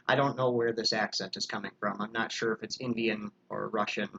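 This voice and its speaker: A man's voice: fairly low pitch, steady tone, brisk, creaky, few pauses, a bit bright, highs cut off. A man hosting a recovery live stream, chatting casually with joking, self-mocking asides. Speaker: host.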